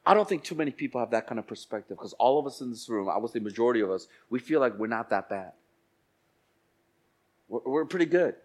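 A male pastor with a medium-pitched voice preaches in a church. His sermon alternates between slow, quiet moments and loud exclamations, with quoted voices acted out.

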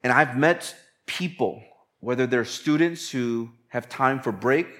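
A man's voice: mid-range voice, measured pace, fairly bright tone. A man preaching a sermon in a conversational, relatable way, often acting out quoted lines. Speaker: pastor.

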